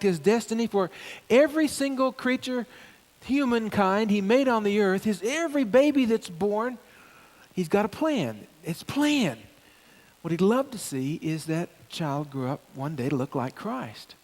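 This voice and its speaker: Animated, lively-voiced male pastor preaching. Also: high voice. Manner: animated preaching, rising emphasis on key phrases. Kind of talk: sermon.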